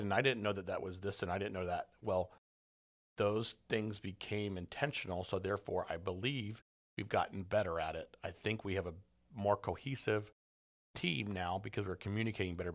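Deep gravelly man, earnest business talk. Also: no echo, studio quality. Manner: earnest, repeats key points, talks about his own team. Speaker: podcast co-host, business leader. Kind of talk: casual business chat.

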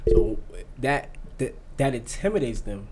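A man talks in an easygoing back-and-forth at a middle pitch. He is blunt and swears freely. He livens his stories by acting out what other people said. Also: unhurried, over a noisy crowd. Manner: blunt, profane, animated storytelling with acted-out quotes. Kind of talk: casual chat.

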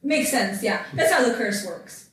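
A woman's voice: on the high side, expressive, unhurried, a bit bright. A woman voicing a breezy young elf woman. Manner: offhand, shrugging replies. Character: young blonde elven woman, breezy and dismissive. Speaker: non-player character. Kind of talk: tabletop role-play acting. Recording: roomy, distant mic, faint noise.

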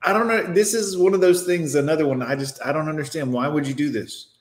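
A man's voice: on the high side, fast talker, reverberant. A man commenting on a clip in a blunt, dismissive, lecturing way. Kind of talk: reaction commentary.

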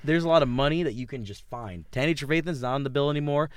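A young man co-hosting a podcast, chatting casually and excitedly about football, laughing often and trailing off mid-sentence. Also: on the high side, fast talker, clean tone. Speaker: podcast co-host. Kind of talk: casual sports chat.

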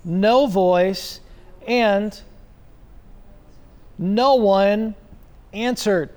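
A male pastor preaching on a church stage at a stand microphone, animated and joking as he retells a story. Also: high-pitched, extremely slow. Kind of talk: sermon.

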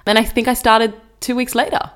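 A young woman, co-hosting a podcast in casual, animated chat and laughing often. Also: fairly high pitch, a little fast. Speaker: podcast co-host.

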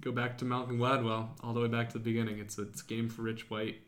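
Brief: a relaxed male podcast co-host, mid-pitched, wry and chatty. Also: fast. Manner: relaxed, joking, self-deprecating. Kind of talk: casual chat. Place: living in China.

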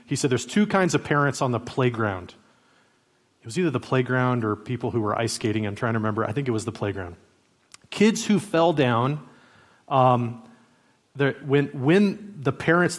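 Pastor guy giving a sermon, chatty and easygoing, mid-range voice. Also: mid-range voice. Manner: conversational preaching with parenting anecdotes.

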